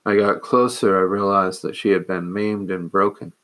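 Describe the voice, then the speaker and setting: A man, a monk, telling a personal story in a measured, earnest way with hesitant pauses. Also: deep voice, steady tone, fairly bright tone.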